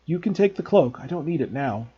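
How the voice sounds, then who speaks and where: A man voicing a determined schoolboy in a low, hushed, urgent way. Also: expressive, fairly quick, husky, dull audio.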